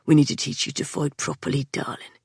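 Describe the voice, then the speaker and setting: A woman putting on a brooding gruff young man. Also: flat delivery, fairly quick, no echo, studio quality, heavily acted. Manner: low, hushed, half-whispered.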